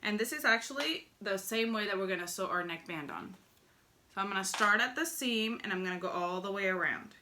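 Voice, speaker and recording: A young woman, a sewing pattern instructor, gives a casual tutorial at her sewing machine, chatting and making jokey asides to viewers as she works. Her voice is medium-pitched with lively intonation and a fairly quick pace, against a noisy background.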